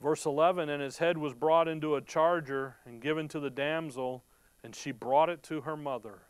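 A man's voice: a little high, fairly even intonation, normal speed, clear, resonant tone, no echo. A man preaching a sermon who reads scripture verse by verse and stops to explain it. He asks rhetorical questions, answers them himself, and restarts words when stirred.

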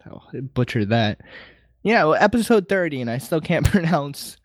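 A man's voice: a little high, normal speed, dry recording, clean studio sound. A man co-hosting a casual podcast, chatting loosely and laughing often. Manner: laughs often, animated delivery. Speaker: podcast co-host. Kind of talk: casual chat.

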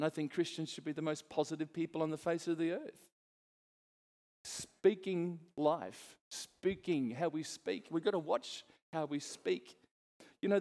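A man's voice: fairly high pitch, a little mellow, long reverb tail. A middle-aged man preaching a sermon as a pastor, earnest and conversational, turning to the congregation with asides.

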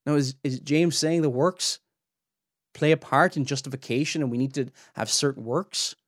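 With a mid-range voice and moderate pace, a male podcast host and Bible teacher is heard in clean studio sound without echo. He teaches theology in an earnest, emphatic manner, his pitch rising sharply when he pushes a point.

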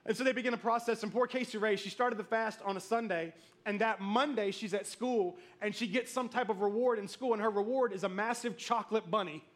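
A pastor in his thirties tells stories and calls out to his congregation during an animated sermon. He talks fairly quickly with few pauses, in a high voice.

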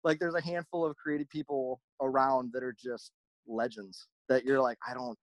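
A man telling stories in a casual chat, rambling and animated, often acting out the voices of people he quotes. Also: mid-range voice, moderate pace, no room sound. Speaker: podcast host, merch company owner.

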